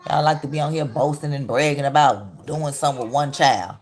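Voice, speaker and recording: A woman's voice: rumbling low, a little fast, husky. A woman in her thirties hosting a casual livestream, reacting in a blunt, mocking and heated way. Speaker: livestream host. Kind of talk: casual live-stream commentary.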